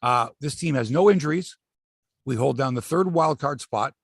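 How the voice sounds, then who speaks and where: A man's voice: medium pitch, normal speed, breathy edge, no room sound, studio quality. A middle-aged man hosting a sports podcast, talking casually and profanely and acting out what players said. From Canada. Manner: animated, profane, acts out quotes from players. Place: outdoor studio by a lake.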